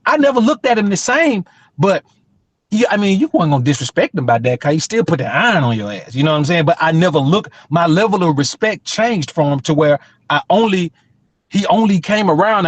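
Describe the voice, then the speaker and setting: A man's voice: a little high, no room sound. A middle-aged man telling a street story in a casual, profane, emphatic way as a podcast co-host.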